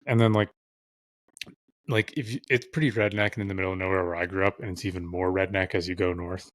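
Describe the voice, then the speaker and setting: Low-voiced young man telling a rambling story. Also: steady tone, quick pace, no room sound. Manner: rambling, heavy swearing, acts out quoted voices. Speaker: podcast guest. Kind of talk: casual storytelling.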